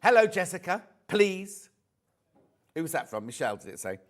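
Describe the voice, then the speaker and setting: A man's voice: high voice, sing-song, normal speed. A middle-aged man presenting live on a shopping channel, chatting and reading out viewer messages.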